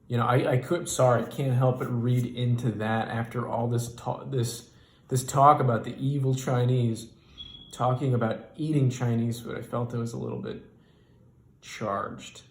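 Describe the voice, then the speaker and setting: A man telling a stand-up comedy story in a profane, animated and exasperated way. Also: mid-range voice, moderate pace, creaky, reverberant.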